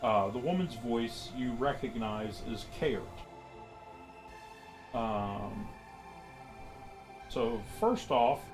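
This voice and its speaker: A man's voice: medium pitch, over music. A man running a tabletop horror game, narrating scenes and describing clues. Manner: unhurried, expressive narration. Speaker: game master.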